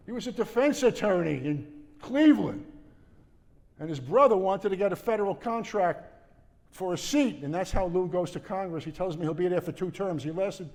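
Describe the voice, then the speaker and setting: A man's voice: sits high, moderate pace, in a large hall. An older man, a former prosecutor, recounting events in a rambling interview and acting out the dialogue. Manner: digressive, restarts sentences, acts out quoted dialogue.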